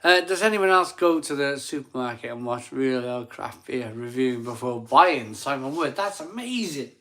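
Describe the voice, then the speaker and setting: A man's voice: medium pitch, normal speed, a bit bright. Tipsy chatty man hosting a live stream. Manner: chatty, laughing, self-mocking, rambling with restarts. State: tipsy after a few beers. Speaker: livestream host reading viewer comments. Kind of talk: casual live chat.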